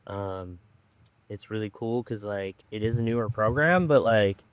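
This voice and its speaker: Laid-back rambling man, lowish voice. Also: unhurried, clean tone, no echo. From Orange County, California. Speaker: treatment program director. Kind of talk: casual storytelling on a podcast.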